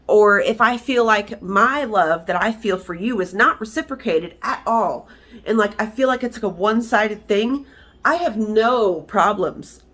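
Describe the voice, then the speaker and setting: A woman's voice: on the high side, fairly bright tone. A woman talking frankly and emotionally in a personal vlog, heated, swearing freely and using lots of fillers. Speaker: vlogger.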